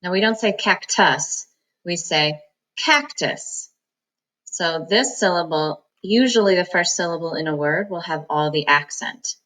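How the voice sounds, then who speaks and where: A woman teaching a reading lesson, sounding out words slowly, syllable by syllable, for students. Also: low-pitched, fairly bright tone, poor audio. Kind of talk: phonics lesson.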